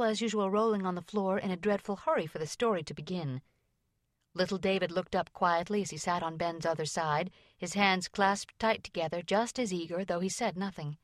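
A woman reading a children's storybook aloud in even, gentle scripted narration. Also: lowish voice, normal speed, no echo, studio quality. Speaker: audiobook narrator.

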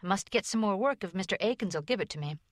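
A hardworking storybook mother, brisk and firm but caring, as a woman narrator puts her on. The recording is dry and close. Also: mid-range voice, animated, no echo, lightly acted.

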